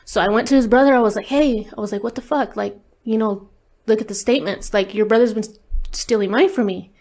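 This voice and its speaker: This interview guest has a fairly high, slightly mellow voice and talks fast while sharing a personal story. Her manner is candid and profane, full of swearing and fillers.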